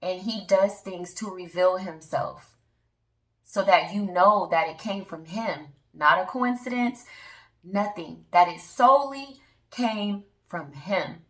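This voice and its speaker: A woman's voice: mid-range voice, slow, echoey room, recorded from a distance, rough recording. A woman in her thirties telling an earnest personal testimony to her viewers, speaking emphatically and addressing them directly. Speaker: vlogger.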